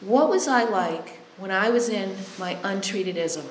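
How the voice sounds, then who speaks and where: A woman's voice: mid-range voice, animated, measured pace, echoey room, slight background noise, poor audio. A woman speaking candidly about sponsoring people in recovery, blunt and a bit sarcastic, acting out both sides of conversations. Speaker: recovery sponsor and halfway house worker. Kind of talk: candid personal testimony.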